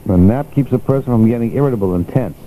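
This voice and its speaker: A man's voice: mid-range voice, quick pace, phone-quality sound, a little hiss or hum. Older man hosting chatty radio talk. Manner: chatty, laughing, reads items aloud. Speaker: radio host. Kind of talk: casual radio chat.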